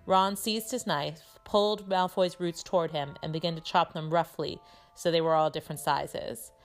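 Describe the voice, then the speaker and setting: A woman teacher reading a chapter book aloud in a steady, measured way. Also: lowish voice, soft background music.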